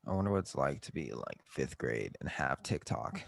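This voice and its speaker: A man's voice: rumbling low, big pitch swings, normal speed, gravelly. A young man in his twenties co-hosting a podcast, chatting casually and joking with loose, profane language. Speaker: podcast co-host. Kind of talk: casual chat.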